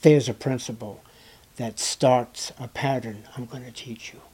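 A male pastor preaching a sermon, swinging dramatically from loud scripture reading to hushed, emphatic asides. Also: mid-range voice, steady tone, a little slow, slightly rough.

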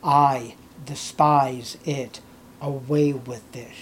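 A man voicing God in a sermon as a stern, disgusted, ancient male deity, speaking slowly and gravely. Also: fairly even intonation, slight background noise. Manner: slow, low, hushed and grave.

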